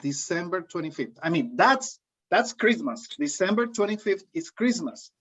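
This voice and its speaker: A Colombian man with a Colombian Spanish accent teaches a live online English class, friendly and joking, repeating key phrases. His high, husky voice has big pitch swings and a fairly bright tone at a moderate pace. The lo-fi audio sounds dull.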